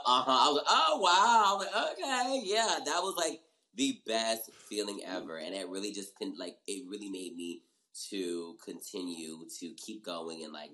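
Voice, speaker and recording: Animated young man telling his story. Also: low voice, low-quality recording. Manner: animated storyteller acting out his own past reactions. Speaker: guest. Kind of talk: casual interview chat.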